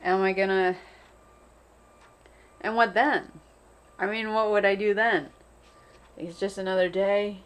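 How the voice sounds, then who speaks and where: A woman's voice: mid-range voice, steady tone, measured pace, long pauses, clean tone. A woman records herself in an unscripted, rambling monologue, her anxious thoughts looping through the same phrases again and again. Her voice sits in an ordinary middle range for a woman, and she talks straight to her own camera. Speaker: vlogger. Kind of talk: unscripted self-filmed monologue. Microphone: self-filmed camera.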